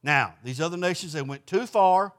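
A man's voice: on the high side, moderate pace. A man leading an informal Bible study class in a folksy way, putting questions to the group and answering them himself.

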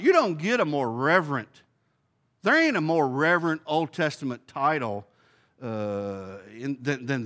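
A man's voice: fairly high pitch, bright, forceful tone. A man teaching a Bible study in a folksy, conversational way, thinking aloud and posing questions to the group.

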